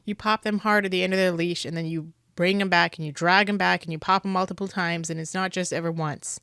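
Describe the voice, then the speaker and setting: Woman talking over dog training clips, kinda low voice, dry close sound, earnest and critical, lots of restarts. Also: fairly even intonation, brisk, creaky, sharp tone, clear, resonant tone, no room sound. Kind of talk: casual spoken commentary.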